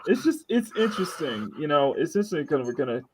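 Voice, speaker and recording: A man's voice: a little high, sing-song, fast talker, darkish tone, slight background noise. A man hosting a casual live stream chat, joking, laughing often and restarting his sentences. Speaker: host.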